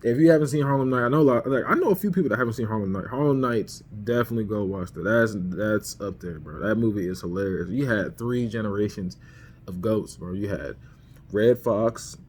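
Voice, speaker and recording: Laid-back slangy man with a mellow voice. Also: lowish voice, a little fast, a little hiss or hum. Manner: slangy, laughs while retelling scenes. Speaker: podcast host reviewing movies. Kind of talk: casual movie ranking chat. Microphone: camera mic.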